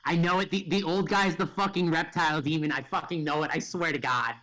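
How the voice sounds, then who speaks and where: A man playing a tabletop game, talking casually and swearing excitedly. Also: a little high, fast, low-quality recording. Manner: excitable, profane. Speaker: player.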